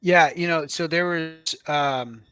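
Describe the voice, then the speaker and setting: A man in his thirties speaks earnestly and reflectively as a podcast guest, recounting a personal turning point and then coaching listeners directly. His voice is bright and forward, recorded close and dry with no room around it. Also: fairly high pitch, takes it slowly, clear, resonant tone, no room sound. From Washington state, US. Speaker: podcast guest, Marine veteran. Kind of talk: casual interview storytelling.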